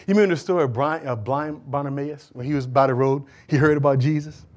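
In church, a man preaches a sermon emphatically, piling up rhetorical questions and swinging between shouts and hushed asides. His voice is a little high and he speaks fast.

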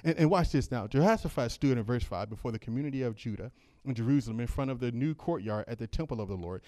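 A man preaching a sermon, talking casually with the congregation and reading scripture aloud, then rising to loud, fervent calls. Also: mid-range voice, expressive, fast talker, no room sound. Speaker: pastor.

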